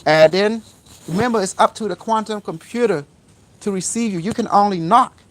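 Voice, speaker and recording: A man with a fairly high voice who lectures loosely on spiritual ideas. His English is broken and his phrasing circles back on itself. He stresses points by repeating them. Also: moderate pace, fairly bright tone. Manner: broken English, repetitive, emphatic. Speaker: spiritual teacher. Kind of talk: rambling informal lecture.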